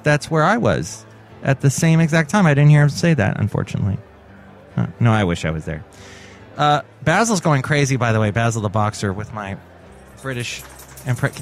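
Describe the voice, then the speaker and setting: A man's voice: mid-range voice, expressive, brisk, soft background music. A man hosting a casual comedy podcast, jokey and rambling with silly asides. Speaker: podcast host.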